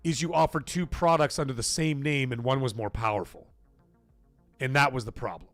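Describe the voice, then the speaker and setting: A man hosting a live stream, talking in a casual, emphatic and repetitive way, his voice getting hoarse. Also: mid-range voice, steady tone, fairly quick, fairly bright tone, no room sound, faint music behind. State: voice going hoarse. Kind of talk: casual live-stream chat reading donations.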